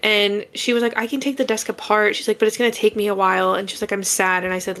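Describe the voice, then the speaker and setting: A young woman co-hosting a casual podcast chat, telling blunt, animated stories. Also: mid-range voice, fast. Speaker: podcast co-host.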